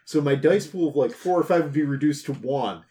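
A man's voice: fairly high pitch, fairly quick, mellow. A man on a podcast, chatting casually and wryly recounting a game session in detail. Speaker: podcast co-host. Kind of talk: casual chat.

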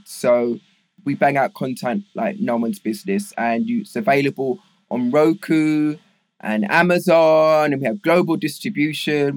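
A man's voice: medium pitch, no echo. A middle-aged man with a London accent, telling long rambling stories about his life in a casual interview, full of fillers. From England. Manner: rambling, animated storyteller with many fillers. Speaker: guest.

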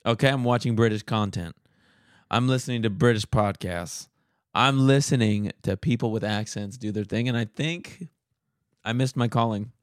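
A man's voice: lowish voice, moderate pace, no echo, clean studio sound. A man co-hosting a casual podcast, teasing and sarcastic in his banter. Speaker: podcast co-host and editor.

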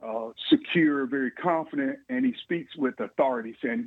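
A man, a former football player telling animated stories in an interview, chuckling often. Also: a little high, normal speed, gravelly, husky, dry recording. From Georgia, USA. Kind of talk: storytelling interview. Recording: phone-like line, dry.

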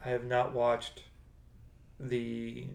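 A man's voice: medium pitch, monotone, extremely slow, vocal fry. A man chatting casually as a podcast co-host, rambling and correcting himself as he goes. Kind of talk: casual chat. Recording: roomy echo.

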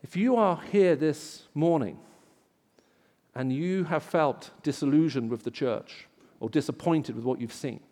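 Man, English accent, sermon, slightly high voice, long hall reverb. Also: unhurried. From Middle East. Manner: storytelling, rising loud for emphasis. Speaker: preacher. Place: large auditorium.

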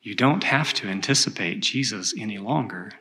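A man preaching a sermon as pastor of a church, earnest and measured as he tells a story. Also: fairly low pitch, lively intonation, sharp tone.

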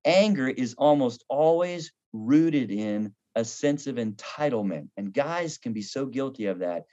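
Lively storytelling man in his fifties. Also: medium pitch, unhurried. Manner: humorous, animated, acts out quoted voices. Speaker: pastor and counselor. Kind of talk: conversational storytelling on a podcast. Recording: dull lo-fi audio.

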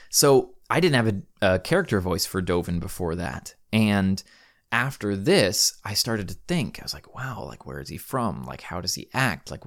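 Chatty low-voiced male podcast host. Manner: chatty and upbeat, casual slang, frequent ums. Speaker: podcast host and game master. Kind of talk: casual podcast monologue.

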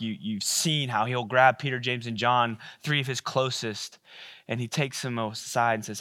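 A man's voice: mid-range voice, sharp tone. A male pastor preaching a sermon in a casual, conversational way, with many fillers and repeated words.

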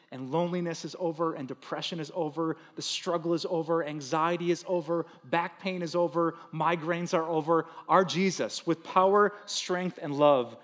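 Male pastor, slightly high voice, earnest sermon with loud bursts and hushed drops, long hall reverb.

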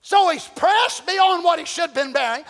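A man preaching with a very high, bright, ringing voice. He drops to a hush, then climbs into loud emphatic shouts. His voice rings out with a long hall reverb behind it. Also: expressive, moderate pace. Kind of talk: sermon.

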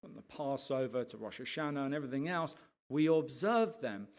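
A man, a pastor, giving a lively sermon testimony full of asides to his listeners and passionate outbursts. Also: medium pitch, brisk. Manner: animated storytelling, rising to impassioned rants with frequent asides to the audience.

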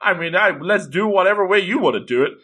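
A man's voice: sits high, expressive, fast, bright, forceful tone, husky, pitched above the performer's own voice, heavily acted. A man voicing an adoring, eager young woman servant while reading through a manga. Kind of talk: casual manga read-through commentary.

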